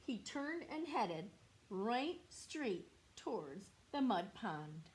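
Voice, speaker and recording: A woman teacher reading a picture book aloud to children, pausing to ask them to predict what happens next. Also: fairly high pitch, very animated. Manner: gentle, questioning, drops to whispers for kids.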